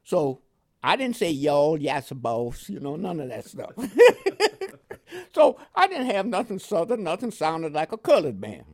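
A man's voice: high voice, normal speed. An older man from Panama with a New York accent touched with West Indian tones, telling his memories as a veteran in an oral history interview, laughing often and acting out dialogue. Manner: lively storyteller who laughs often and acts out dialogue.

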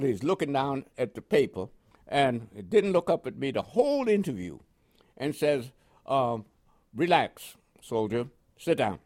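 An older man from Panama with a New York accent touched by West Indian inflections, telling his life story in an oral history interview. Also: medium pitch. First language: French. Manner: lively, animated storyteller who acts out quoted voices.

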